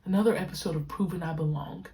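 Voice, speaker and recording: A young woman hosting a podcast, talking casually and reflectively in slang and stretching key words out slowly. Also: lowish voice, fairly even intonation, dark tone. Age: young adult. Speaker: podcast host, pro basketball player.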